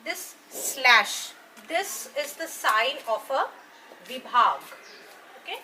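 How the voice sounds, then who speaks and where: A woman's voice: high voice, lively intonation, slow pace, pushed and bright, slight background noise. A woman, patiently explaining a dance lesson and checking in with her students as she goes. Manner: patient, checks in with "right?" and "okay?". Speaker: dance teacher.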